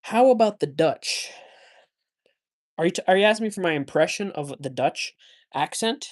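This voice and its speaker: A man's voice: high-pitched, animated, normal speed. A man hosting a casual phone livestream while walking outdoors, a bit winded, chatty and joking as he answers chat. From Canada. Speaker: livestream host. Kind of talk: casual live chat reading viewer comments.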